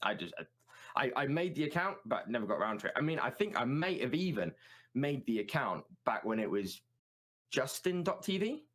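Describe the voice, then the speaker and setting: A man, a guest chatting in a relaxed, self-mocking way over a remote call, often repeating his words. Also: mid-range voice, moderate pace. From southern England. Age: 30s. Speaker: guest streamer. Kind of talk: casual chat on a live stream.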